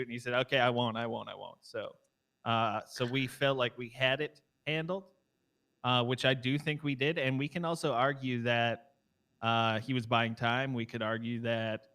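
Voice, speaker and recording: A man's voice: mid-range voice, fairly bright tone, clear, resonant tone. A man playing a police officer, politely explaining his actions to a superior during a debrief. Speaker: police officer in role-play. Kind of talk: in-character debrief.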